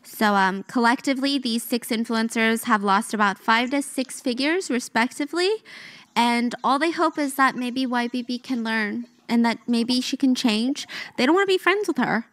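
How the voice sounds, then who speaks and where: A woman recounting a story in a relaxed, conversational manner, dotted with casual fillers. Her voice sits a little on the high side. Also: normal speed, dry recording. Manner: chatty, lots of 'like' fillers.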